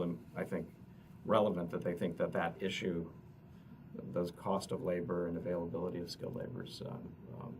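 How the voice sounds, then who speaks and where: A man, an economist, explaining survey results at a press conference in a halting way, often repeating words. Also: deep voice, vocal fry. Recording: distant mic with noticeable noise.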